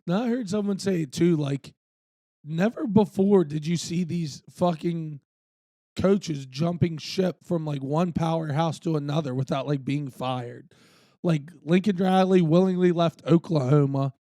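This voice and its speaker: Chill young dude on a sports podcast, mellow voice, swears a lot, dry sound. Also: male voice, a little high, a little slow, dry recording. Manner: laid-back, swears, laughs often. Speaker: podcast co-host. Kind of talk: casual sports chat.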